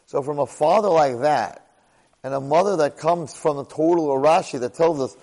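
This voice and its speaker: A man's voice: fairly high pitch, moderate pace, darkish tone, big-room sound, low-quality recording. A middle-aged man teaching a Torah class, emphatic and fond of rhetorical questions, often restarting his sentences. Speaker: Torah lecturer.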